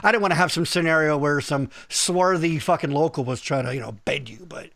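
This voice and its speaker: A man's voice: a little high, brisk, vocal fry, dry recording. A man hosting a podcast in casual chat, joking and swearing freely. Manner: profane, joking, animated. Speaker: podcast host.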